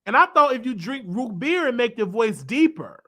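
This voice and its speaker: A man's voice: extremely high pitch, very animated, normal speed, pushed and bright. A man hosting a live call-in show, talking casually and animatedly, often restarting and repeating his phrases. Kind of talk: casual live-stream chat with callers.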